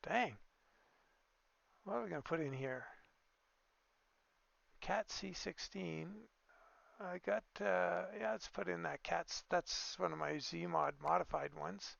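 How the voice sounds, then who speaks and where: A man with a heavily gravelly voice talks through a truck-building game in an easygoing, off-the-cuff way, thinking aloud as he goes. The sound is dry and a little dull, recorded close on a desk microphone. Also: fairly high pitch, takes it slowly, long pauses, fairly bright tone, dry recording. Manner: easygoing, thinking aloud with fillers and small exclamations. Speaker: gaming video creator. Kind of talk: casual gameplay commentary.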